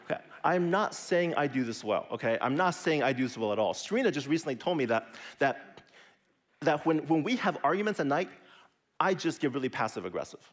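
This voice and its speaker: Male pastor, sermon, middle-aged, animated delivery, fairly high voice, soft hushed asides. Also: fairly quick. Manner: lively, conversational preaching with sudden soft drops.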